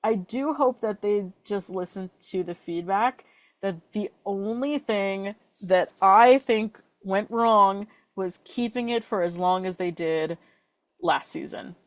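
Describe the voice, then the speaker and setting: A young woman co-hosting a fan podcast in casual chat, chatty with quick asides and filler words. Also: mid-range voice, no room sound. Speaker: podcast co-host.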